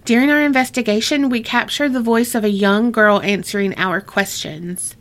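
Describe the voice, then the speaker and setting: A woman's voice: a little high, fairly even intonation, normal speed, a bit bright. A woman co-hosting a podcast, reading listener ghost stories aloud in a casual, chatty way and laughing often. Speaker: podcast co-host.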